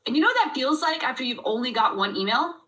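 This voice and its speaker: Bright, animated woman coaching from a distance. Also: high voice, fast talker. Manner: animated, acts out customer thoughts, addresses audience directly. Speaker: online business coach. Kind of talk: livestream teaching talk.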